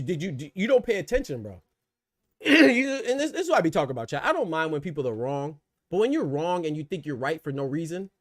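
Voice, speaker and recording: A man's voice: a little high, dry recording, studio quality. Heated stammering man ranting at chat. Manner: heated, mocking, repeats words and stammers. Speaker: boxing commentary livestream host. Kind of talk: livestream rant answering chat.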